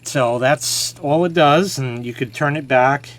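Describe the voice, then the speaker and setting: A man's voice: mid-range voice, measured pace, fairly bright tone. A man casually showing an old gadget on camera, joking and mocking himself as he rambles. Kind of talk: casual show-and-tell.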